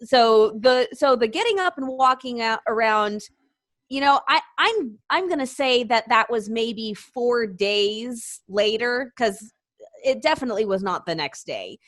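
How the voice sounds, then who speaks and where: A woman with a fairly high voice chatting on a movie podcast. She laughs often as she walks through scenes. Her talk is loose and friendly. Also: lively intonation, a little slow, fairly bright tone. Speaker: podcast guest. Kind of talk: casual chat.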